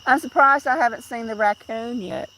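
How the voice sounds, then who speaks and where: A woman's voice: on the high side, expressive, normal speed, gravelly, pushed and bright, slight background noise. A middle-aged woman chatting on a casual outdoor live stream, rambling and greeting viewers by name. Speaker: livestream host.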